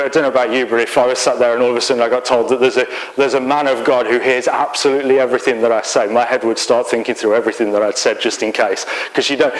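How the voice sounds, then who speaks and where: An English man gives a church sermon in a relaxed, storytelling way. He retells scripture in everyday words and slips in a light joke now and then. His voice sits at an ordinary, middle pitch for a man. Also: low-quality recording. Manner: conversational storytelling with light humor. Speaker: preacher.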